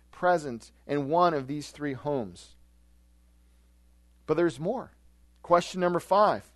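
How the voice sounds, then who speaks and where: A male pastor delivering a sermon in a chatty, questioning style. His voice sits a bit high for a man and he keeps tossing rhetorical questions at the congregation. The sound is dry and close. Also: no room sound. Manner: conversational, asks rhetorical questions with tag "right?".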